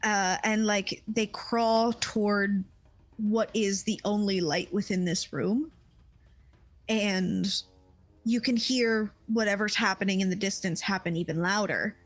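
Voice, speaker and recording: A young woman narrating a tabletop game as game master, halting and full of fillers. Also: medium pitch, fairly even intonation, dry recording, rough recording.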